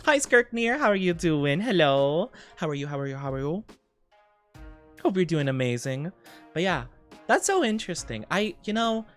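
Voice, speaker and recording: A man's voice: high-pitched, a bit bright. A bubbly, giggly young man chatting casually with his live-stream audience. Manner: bubbly and giggly, talking straight to chat.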